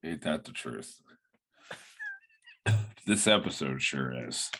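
A man co-hosting a podcast in casual chat, quick with joking comebacks and frequent laughter. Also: rumbling low, lively intonation, fairly bright tone, slight background noise. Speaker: podcast co-host.

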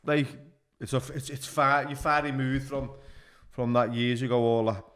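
A man's voice: mid-range voice, fairly even intonation, moderate pace, a bit bright. A man hosting a casual interview, reacting with laid-back, casual swearing. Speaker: podcast host.

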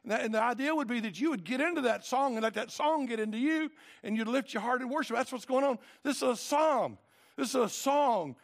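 Middle-aged guy preaching, high voice with lots of gravel, reads old bible verses and acts out his stories. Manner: preaching, quotes scripture in old English. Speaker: pastor. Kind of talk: sermon.

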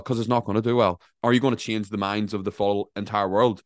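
A man's voice: on the low side, fairly even intonation, fairly quick, dry recording, clean studio sound. A man and content creator in a casual podcast chat, talking bluntly and emphatically and swearing freely.

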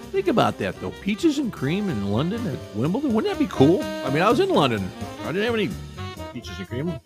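A man's voice: a little high, huge pitch swings, fast, soft background music. A man from Iowa hosting a storytelling show, chatty and playful, poking fun at himself. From Iowa, USA. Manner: chatty, playful, self-mocking humor with quoted dialogue. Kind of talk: casual spoken storytelling.

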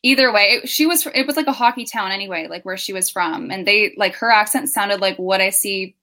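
Young woman, Canadian accent, podcast guest, rambling, hesitant, mid-pitched. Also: brisk, sharp tone. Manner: rambling, hesitant with many ums. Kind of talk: casual chat.

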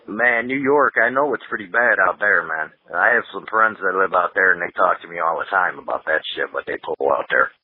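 Man, casual podcast host, husky voice, dry phone-like sound. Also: low-pitched, brisk, few pauses, no room sound. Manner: laid-back, swears, laughs easily. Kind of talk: casual chat. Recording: phone-line audio.

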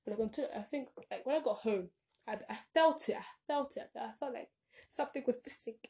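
Teen girl vlogger, rambling chatter, bright higher voice, theatrical stresses. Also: a little fast. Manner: rambling, chatty, self-interrupting with many "like"s; dramatic bursts of emphasis. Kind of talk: casual chat.

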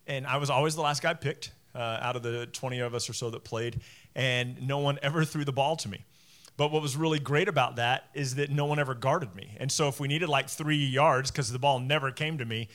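A man preaching a sermon as pastor, talking in a conversational way, acting out quotes with lively swings and restarting his phrases. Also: medium pitch.

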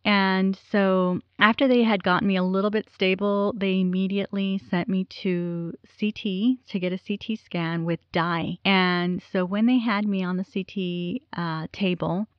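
A woman's voice: medium pitch, fairly even intonation, unhurried, hardly any pauses, clear, resonant tone, no room sound. Woman, forties, candid rambling storyteller, dead dry room, lo-fi muffled sound. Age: 40s. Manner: candid, rambling, many "you know" fillers. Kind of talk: personal storytelling.

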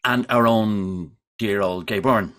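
An Irish man hosting a relaxed interview, asking short, steady questions. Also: on the low side, takes it slowly. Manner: brief, steady questions and murmured assent. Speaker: host. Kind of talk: casual interview.

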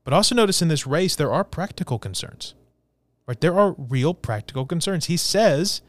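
A man's voice: on the high side, animated, normal speed, no room sound. A man preaching a sermon as a church pastor, talking emphatically and asking the congregation rhetorical questions.

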